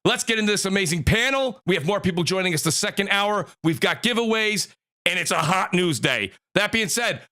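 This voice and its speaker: A man hosting a live gaming podcast panel, introducing guests with energetic hype. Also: high-pitched, brisk. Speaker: podcast host. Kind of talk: casual panel show hosting.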